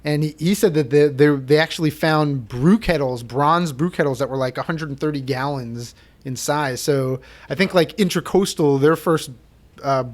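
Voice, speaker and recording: A man hosting a casual podcast, chatty and quick to laugh, with lots of fillers. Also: on the high side. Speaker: podcast host.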